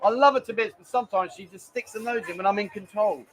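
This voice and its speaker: A man's voice: high-pitched, fast, poor audio. A middle-aged man hosting a live stream, chatty and bantering as he rambles along. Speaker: livestream host. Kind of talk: casual live-stream chat.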